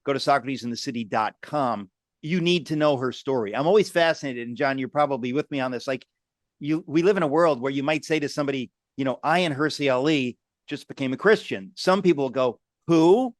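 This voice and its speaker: Male host, mid-pitched voice, exclamatory, talks straight to viewers, dry sound. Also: brisk, no echo. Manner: exclamatory, addresses viewers directly. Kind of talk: conversational interview.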